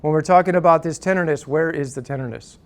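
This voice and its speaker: A man lectures to a class in a loose, conversational way, checking in constantly with "right?" and "okay?". His voice sits a bit high, and he drops dry jokes as asides. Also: fast.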